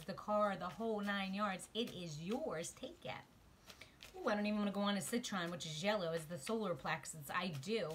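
A woman giving a spiritual tarot reading to her viewers, emotional, shifting from quiet murmurs to excited exclamations. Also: mid-range voice, a little hiss or hum. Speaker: tarot card reader. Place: outdoors.

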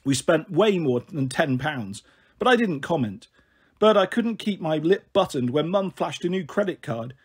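A male storyteller reads a novel aloud in gentle, steady narration. His voice is high-pitched and husky, with a breathy edge. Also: moderate pace. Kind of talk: storybook reading.

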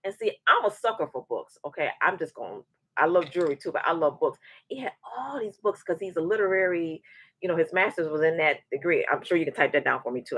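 Host, woman, 40s: low, husky voice that swings widely in pitch, casual storytelling. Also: dry recording. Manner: animated, repeats words as she restarts, acts out quoted voices. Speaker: show host. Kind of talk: casual livestream chat and storytelling.

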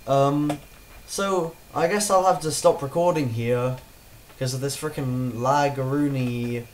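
A man's voice: medium pitch, measured pace, slight background noise, rough recording. A man doing gameplay commentary, joking around and talking to himself as he plays, recorded on a desktop mic. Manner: goofy, jokey, talks to himself while playing. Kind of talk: let's play commentary.

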